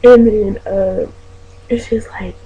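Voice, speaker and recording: In a casual storytelling vlog, a woman tells her viewers a story in a chatty, profane way, addressing them as y'all. Her medium-pitched voice is dark and steady, her pace is slow, and the recording sounds muffled.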